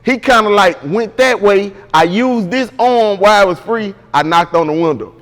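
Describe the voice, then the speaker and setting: A man's voice: high voice, moderate pace, a bit bright, in a large hall. A man guest in an interview, telling a story casually and with animation, full of slang and repeated "bro".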